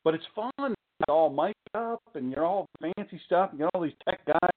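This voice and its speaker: A man's voice: high voice, animated, normal speed. A man giving an informal sermon talk as a preacher, chatty and joking, full of rhetorical questions and asides. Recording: tinny phone-like sound.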